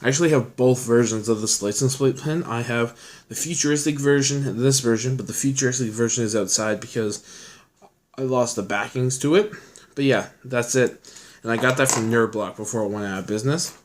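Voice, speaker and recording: Casual vlogger, young adult male, mid-pitched, loose and rambling delivery. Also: a little fast. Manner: rambling, filler-heavy, chatty storytelling. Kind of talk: casual chat showing his collection.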